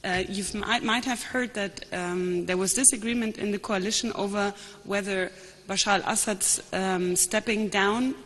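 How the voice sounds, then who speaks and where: A woman's voice: medium pitch, steady tone, a bit bright. Woman panelist in a reverberant hall. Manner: analytical, measured, with frequent restarts. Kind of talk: conference panel talk. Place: large conference hall.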